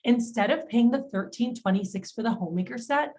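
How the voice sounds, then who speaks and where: A woman's voice: on the high side, a little fast, a little mellow, rough recording. A woman giving a sales training talk in a chatty storytelling manner, retelling phone calls with quoted lines. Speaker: sales manager.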